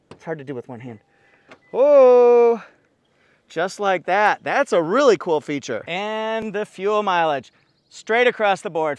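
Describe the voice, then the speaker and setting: A man giving an excitable car review walkaround, often exclaiming as he points out features. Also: sits high, dry recording.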